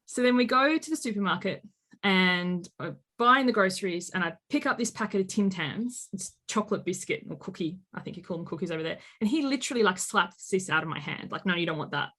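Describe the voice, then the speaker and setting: A woman in her late thirties, a life coach telling stories in an interview and acting out quoted speech with lively energy. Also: medium pitch, fast talker. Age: late 30s. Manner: animated storyteller, acts out quotes. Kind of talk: conversational interview.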